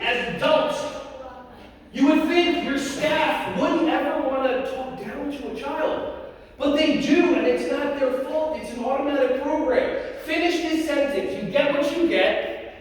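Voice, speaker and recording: A man giving a lively keynote talk to an audience, acting out quotes and putting questions to the crowd. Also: extremely high pitch. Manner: animated, acts out quotes and asks the crowd questions. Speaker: keynote speaker. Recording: echoey hall from far off.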